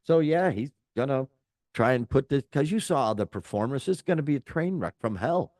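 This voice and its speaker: On a laid-back rock podcast, an older male co-host jokes around and rambles, his speech packed with fillers. His mid-range voice is expressive and a little mellow at a normal speed, captured dry and at studio quality.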